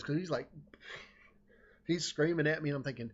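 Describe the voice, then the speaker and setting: A man's voice: on the high side, a little fast, pauses often, breathy edge. Rambling man telling a story, muffled. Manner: rambling, self-interrupting, animated. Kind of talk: casual anecdote telling. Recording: dull lo-fi recording.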